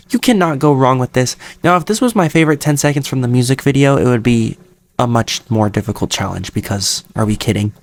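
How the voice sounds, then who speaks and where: A man giving an enthusiastic, chatty album review to his viewers, talking like an excited fan and cracking playful jokes along the way. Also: medium pitch. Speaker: music reviewer YouTuber. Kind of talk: casual album review monologue.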